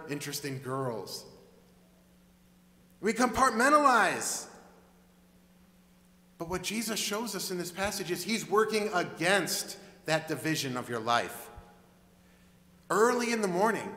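A man's voice: high-pitched, pushed and bright. A male pastor preaching a sermon in a conversational way, acting out the scenes he describes, in an echoey hall. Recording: echoey hall with long reverb.

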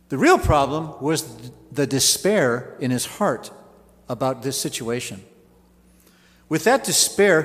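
A male pastor delivers a sermon with a storyteller's touch and homely asides, his voice sitting a little high for a man. A long reverb from the church hangs after each phrase. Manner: storytelling preacher with folksy asides.

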